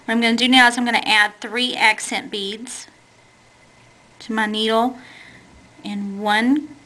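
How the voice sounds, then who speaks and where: Speaking at a measured pace, this beading teacher has a somewhat high voice that is steady yet sharp. She guides listeners through the craft in clear, patient steps, correcting herself as her hands do the work, though the recording is poor.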